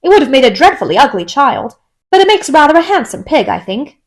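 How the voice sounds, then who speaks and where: A polite, curious young girl, voiced by a woman reading a storybook speaks earnestly and a little timidly. Her voice is fairly high and rises and falls with lively expression. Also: fairly quick.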